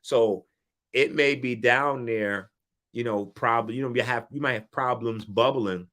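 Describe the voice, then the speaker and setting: A man speaking as a wellness guest in a casual explanatory way, animated, often asking "you know what I'm saying" and getting loud to stress a point. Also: mid-range voice, a little slow. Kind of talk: casual explanatory talk on a panel.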